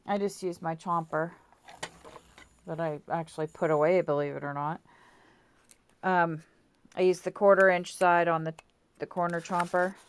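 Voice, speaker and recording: A woman's voice: fairly low pitch, fairly even intonation, normal speed, long pauses, clear, resonant tone. A woman giving a casual craft tutorial at home, chatty and rambling with lots of fillers, self-corrections and apologetic asides. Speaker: craft vlogger.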